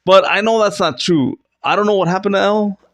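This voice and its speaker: A faint crowd can be heard as a comedy vlogger, a little fast, rambles through improvised, self-mocking comedy. Fillers and restarts fill his talk, punctuated by sudden squeaky fake sobbing, all picked up by a mic near the camera.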